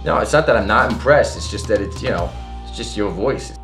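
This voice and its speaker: A man's voice: on the low side, animated, fairly quick, fairly bright tone, faint music behind. A man playing a crude, cocky young gym-bro interviewer who mocks his guest in bro slang. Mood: mocking.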